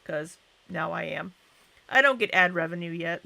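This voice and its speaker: A woman's voice: fairly low pitch, animated, moderate pace, vocal fry, bright, forceful tone, dry recording. A young woman hosting a casual livestream, chatting and greeting viewers by name. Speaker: livestream host.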